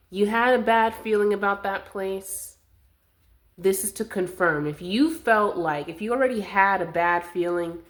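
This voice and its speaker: Lady doing a tarot reading, slow and soothing, bit winded and coughy, calls everyone love. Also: fairly low pitch. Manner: slow, soothing and affectionate, calls viewers loves and darling. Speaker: tarot reader. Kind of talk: collective tarot reading to camera.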